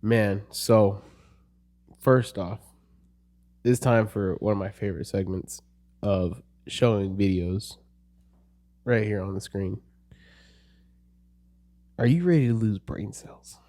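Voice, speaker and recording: A young man with a fairly low voice talks on a casual podcast. He teases his co-host and jokes around easily. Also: slow pace, pauses often, dark tone. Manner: joking, playful teasing. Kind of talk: casual chat.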